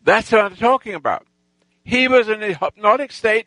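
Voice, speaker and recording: A man telling a rambling, boastful personal story, halting with restarts and lost threads. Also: high voice, sharp tone, no room sound, rough recording. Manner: boastful, self-assured storytelling.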